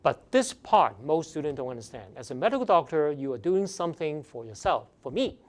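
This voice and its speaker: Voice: medium pitch, very animated, fairly quick. A pre-med admissions advisor giving a seminar lecture, emphatic, repeating key phrases and firing off rhetorical questions.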